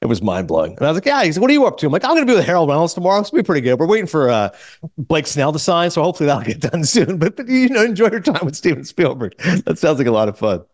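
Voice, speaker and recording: A middle-aged man hosting a podcast, telling a story in casual chat and quoting people in quick back-and-forth. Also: fairly high pitch, no room sound, studio quality. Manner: animated, quotes others in quick back-and-forth. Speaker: podcast host.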